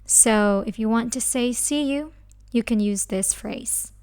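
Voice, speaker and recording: A woman teaching a language lesson who speaks slowly and carefully, breaking words into syllables. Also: fairly high pitch, a little mellow, clean tone. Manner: slow, careful, spells out syllables. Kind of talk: slow scripted lesson.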